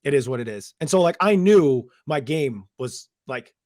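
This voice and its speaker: A man's voice: medium pitch, normal speed, no echo. Young male guest from New Jersey, rambling storyteller, dry close sound. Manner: rambling, animated retelling with many "I was like" quotes. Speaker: interview guest. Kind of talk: casual storytelling interview.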